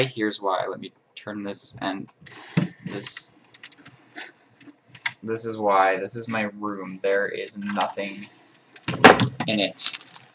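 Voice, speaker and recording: A man's voice: on the low side, noisy background. A young man chatting casually to his camera in a bedroom, playful and self-mocking. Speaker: vlogger. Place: small bedroom being emptied.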